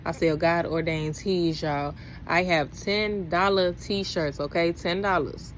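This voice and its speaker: An animated young woman, vlogging straight to camera about faith. She talks like she's preaching to friends, and her voice jumps way up whenever she gets fired up. A faint hiss of noise runs under her voice. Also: fairly low pitch, slow pace. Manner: animated, preachy, rising to exclaim. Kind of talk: casual vlog, talking to camera.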